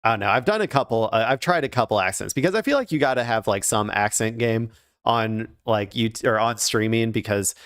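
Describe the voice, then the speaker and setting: A male streamer giving casual commentary on news clips. His voice sits low and sounds dry and close. He rambles and stalls on fillers and restarts. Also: brisk, fairly bright tone, clear, resonant tone, no echo.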